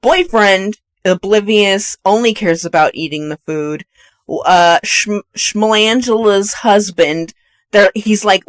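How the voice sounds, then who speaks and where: A podcast co-host chats casually about a movie in a medium-pitched voice at a measured pace, with no room sound. They laugh often and retell scenes, acting them out with lively voices.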